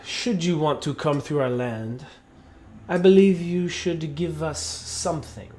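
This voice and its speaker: A man's voice: a little high, darkish tone, a little hiss or hum, close to an everyday voice. A man doing a stern broken-English chieftain. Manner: broken English, slow and curt. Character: stern male tribal chieftain, blunt, threatening.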